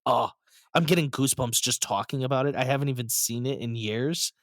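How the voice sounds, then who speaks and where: A man's voice: medium pitch, a little fast, a bit bright, dry recording, clean studio sound. A man co-hosting a casual podcast chat, enthusiastic and emotional, often stumbling over his words. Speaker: podcast co-host.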